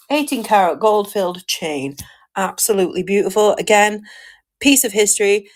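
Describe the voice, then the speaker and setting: A woman's voice: medium pitch, animated, normal speed. A woman from Wales with a Welsh accent, chatting casually while selling jewellery on a live stream and greeting viewers.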